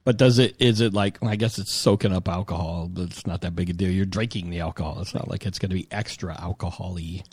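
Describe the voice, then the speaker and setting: Male podcast host, lowish voice, dead-dry close mic, rambling and loose. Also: fairly even intonation, fast, few pauses, darkish tone, husky, no echo. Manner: loose, rambling, swears casually. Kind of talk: casual chat. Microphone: close mic, eating near it.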